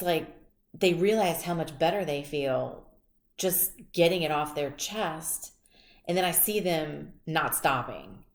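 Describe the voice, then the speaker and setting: A woman's voice: sits low, reverberant. A woman giving a tarot reading, talking in a chatty, rambling way and telling personal stories. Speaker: tarot reader. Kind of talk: casual tarot reading monologue.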